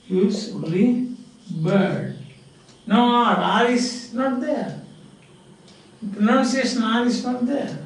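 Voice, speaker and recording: A man teaching English pronunciation in a lecture, repeating example words slowly and asking the class questions. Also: high voice. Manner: slow, repetitive, drilling example words aloud. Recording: roomy classroom echo, mic far off.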